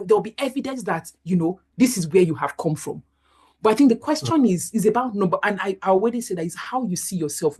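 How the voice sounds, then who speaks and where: Husky woman doctor advising. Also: mid-range voice, a little mellow. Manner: reassuring, explanatory, with many "you know" fillers. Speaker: doctor presenting a career workshop. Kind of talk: answering a question in an online workshop.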